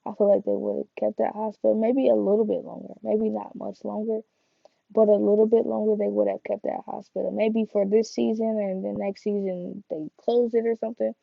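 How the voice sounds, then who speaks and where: A woman's voice: mid-range voice, level tone, a little fast, creaky, no echo, highs cut off. A woman reviewing a TV episode in casual, rambling chat, full of fillers and slangy asides. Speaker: TV review vlogger.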